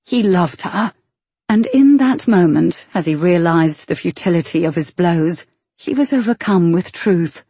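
A woman reads a novel aloud in a measured, expressive narration. Her voice is low, mellow and a little husky. The recording is close and dry. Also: no echo. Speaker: audiobook narrator. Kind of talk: scripted narration.

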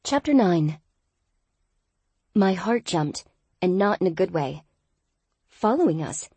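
A woman's voice: fairly low pitch, expressive, takes it slowly, dark tone, slightly rough, dry recording. A woman narrating a first-person audiobook in a wry, lightly humorous storytelling manner.

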